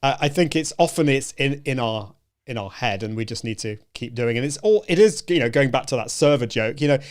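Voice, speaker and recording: A man hosting a conversation, encouraging and warm-hearted in tone, often restarting his sentences. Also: mid-range voice, animated, brisk. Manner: encouraging, hesitant with many restarts. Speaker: show host. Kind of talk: casual conversation.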